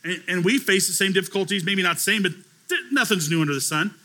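A man's voice: high voice, lively intonation, fast talker, sharp tone. A man preaching a conversational sermon to his church as pastor, telling stories with acted-out dialogue.

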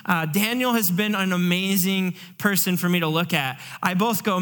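A pastor delivers a sermon in a high, light voice. His manner is earnest and conversational, with plenty of fillers. He slips into acted asides to make his points. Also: normal speed, few pauses, a bit bright.

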